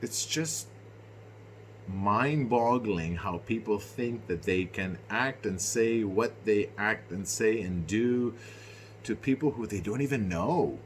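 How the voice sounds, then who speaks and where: A middle-aged man from Canada, venting to camera in an unscripted rant, animated and indignant, drifting from low musing into loud, exasperated outbursts. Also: takes it slowly, slight background noise. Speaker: vlogger.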